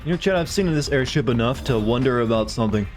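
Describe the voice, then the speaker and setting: A man's voice: mid-range voice, expressive, quick pace. A young man rattles off casual commentary over his game stream, rambling and cracking jokes at the cutscenes. His voice sits mid-range, and faint game music plays beneath.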